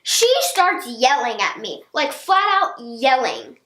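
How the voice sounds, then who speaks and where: Bubbly teen vlogger with a high voice, talking to camera in a reverberant room. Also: female voice, slow pace. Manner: chatty, animated, acts out quotes of others. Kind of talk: storytime vlog, casual chat. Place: indoor room, seated on a chair. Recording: echoey room.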